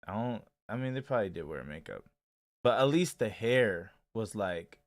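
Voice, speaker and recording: Lively-voiced man in casual chat. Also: fairly low pitch, normal speed, no echo. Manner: loose, rambling and opinionated. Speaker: co-host reacting to a dating show clip.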